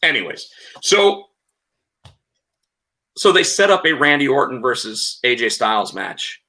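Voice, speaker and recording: A man co-hosting a casual podcast, retelling events in a rambling, animated way with lots of restarts. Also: medium pitch, a little slow. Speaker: podcast co-host. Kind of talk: casual chat, recapping wrestling.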